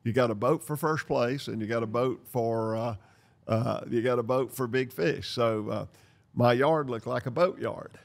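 An older man from North Carolina, hosting a podcast and telling lively stories, acting out the dialogue as he goes. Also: mid-range voice, moderate pace, vocal fry. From North Carolina, USA. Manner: lively storyteller who acts out dialogue and laughs. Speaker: podcast host. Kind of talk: storytelling podcast chat.

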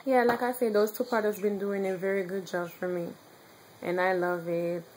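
A young woman with a strong Haitian accent, chatting casually in a home video, now and then pausing to search for words. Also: medium pitch, level tone, darkish tone, a little hiss or hum, rough recording. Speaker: vlogger. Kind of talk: casual chat.

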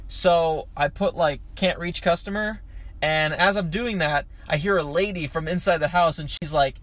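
A man's voice: on the high side, normal speed, dry recording. Young man telling a delivery story. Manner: animated, acts out quoted voices, swears casually. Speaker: food delivery driver. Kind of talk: casual storytelling vlog.

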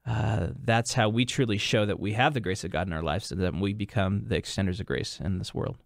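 A man who is a pastor, a guest on a Christian radio talk show, explaining in a conversational way with halting restarts. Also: on the low side, creaky, no room sound, studio quality.

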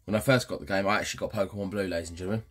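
Male let's-player, low husky voice, cheeky banter to viewers. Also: fairly even intonation, rapid-fire, a bit bright, faint music behind. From England. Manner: cheeky, banter-heavy, keeps addressing viewers. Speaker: gaming channel host. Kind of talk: casual let's-play commentary.

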